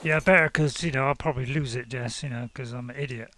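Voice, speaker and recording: A man's voice: mid-range voice, fast, sharp tone, a little hiss or hum. A middle-aged man hosting a gaming video, chatting casually with his daughter as they play, rambling and poking fun at himself. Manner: rambling, self-deprecating, chuckling. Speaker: gaming channel host, playing with his daughter. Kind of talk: casual co-op gameplay chat.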